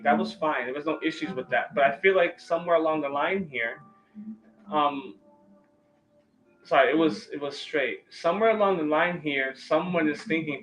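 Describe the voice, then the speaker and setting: A man's voice: a little high, a bit bright, slight background noise, low-quality recording. Rambling man doing a live tarot reading. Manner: rambling, loose, lots of fillers and restarts. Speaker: tarot reader hosting a live stream.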